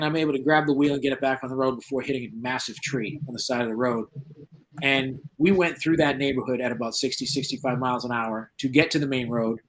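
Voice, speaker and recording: A man's voice: medium pitch, slight background noise, low-quality recording. A man in his forties from New England, a paranormal investigator telling a story in a casual interview, acting out the dialogue. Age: 40s. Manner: animated storyteller, acts out quoted dialogue. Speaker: paranormal investigator, podcast guest.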